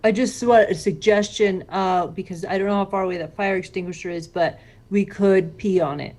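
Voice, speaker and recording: A man's voice: high-pitched, steady tone, normal speed, darkish tone, natural voice. A man playing a slangy, earnest dude on a tour, improv comedy. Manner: laid-back, slangy, earnest. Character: dim, eager male tour guest, bro-ish. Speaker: improv performer.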